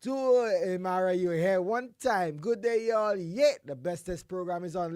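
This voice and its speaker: A man hosting a radio show, his voice hoarse from the flu, loudly calling out greetings and shout-outs and then settling into quieter chat. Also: sits high, measured pace, hardly any pauses, no room sound, studio quality. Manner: exuberant, shouts greetings, drops into a quieter voice between. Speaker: radio host.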